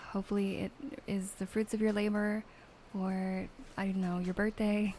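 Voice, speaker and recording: A young woman reading tarot gently in a whispered role-play, soft and halting with many fillers. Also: mid-range voice, gravelly, slight background noise, rough recording. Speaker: ASMR streamer reading tarot.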